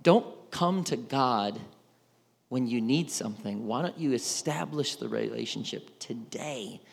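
A man preaching a sermon, telling the story with animated voices for each side of the dialogue. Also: mid-range voice, unhurried, creaky, slightly rough. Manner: animated storytelling, acting out both sides of the dialogue. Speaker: pastor. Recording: long hall reverb.

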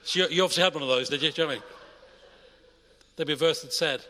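A young adult man preaching a sermon in a church, energetic, swinging between loud urging and quiet intimate asides. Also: a little high, racing, in a large hall. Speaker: pastor.

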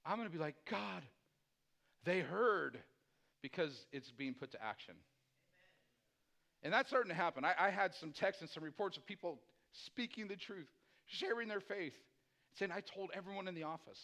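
A male pastor preaching with lively, animated delivery. His pitch sits a little high for a man. He moves between soft, quiet asides and loud, climbing emphasis. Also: normal speed. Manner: swings from hushed to near-shouting emphasis. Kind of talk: sermon.

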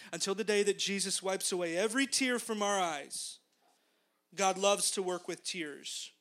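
Male pastor, high bright voice, casual animated sermon. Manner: conversational, animated storytelling.

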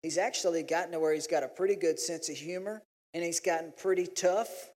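Folksy preacher, high voice. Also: male voice, a little fast. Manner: folksy, animated storytelling, pitch jumps when acting out his family. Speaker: pastor. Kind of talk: sermon. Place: church sanctuary. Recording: long hall reverb.

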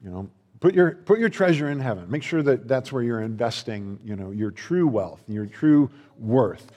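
A man's voice: medium pitch, animated, moderate pace, dark tone. A male pastor giving a sermon in a loose, conversational way, with frequent restarts and playful acted-out dialogue. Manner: acts out others' voices in quoted dialogue. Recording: long reverb of a large hall.

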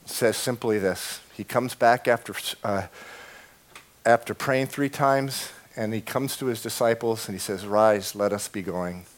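A man preaching a sermon, dropping to a hush and then rising to loud, impassioned lines. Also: fairly low pitch, unhurried. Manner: swings from hushed to shouting, acts out prayers. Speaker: pastor.

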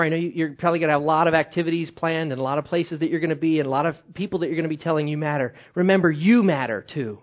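A man preaching a sermon as pastor, swinging from loud emphatic calls to hushed, quiet lines. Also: a little high, highs cut off.

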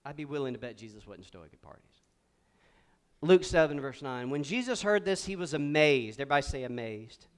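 A man preaching a sermon to a live congregation with a high, smooth, resonant voice. He drives his points with energy and has the crowd repeat key words back to him. It is a spirited pulpit delivery. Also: a little fast. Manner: animated preaching with call-and-response to the congregation. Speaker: pastor. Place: church sanctuary before a congregation.

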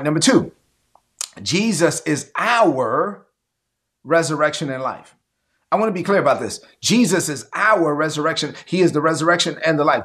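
A man's voice: on the high side, a bit bright. A man preaching a sermon to an online audience, emphatic and repetitive, calling for responses. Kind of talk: livestreamed teaching to an online audience.

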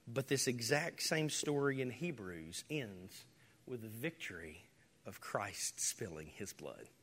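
A male pastor preaching a sermon, rising to loud, impassioned declarations and dropping to near-whispers. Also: mid-range voice. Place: church sanctuary. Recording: hall reverb.

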